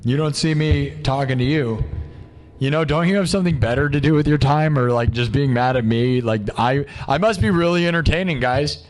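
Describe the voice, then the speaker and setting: A man's voice: fairly high pitch, brisk. A young man hosting a live music stream, chatting casually with viewers in a brash, ranting way, full of "dude" and "bro". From United States. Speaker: livestream music host.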